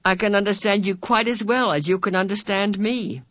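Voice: medium pitch, steady tone, normal speed, a bit bright, no echo, pitched above the performer's own voice, lightly acted. A narrator voicing a bland, mocking sinister man. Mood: patronizing. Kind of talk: audiobook character voice.

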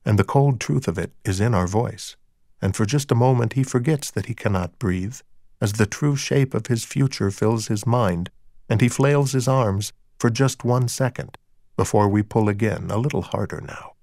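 A man narrating dark fiction in a slow, hushed, measured and cold manner. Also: on the low side, creaky, no room sound.

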